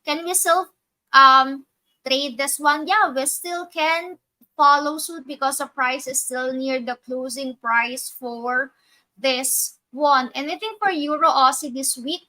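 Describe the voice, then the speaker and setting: A woman's voice: high voice, slow pace, bright, forceful tone, poor audio. A woman hosting a live trading session, walking through her chart step by step and correcting herself as she thinks aloud. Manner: methodical, thinks aloud with fillers and self-corrections. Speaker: trading educator.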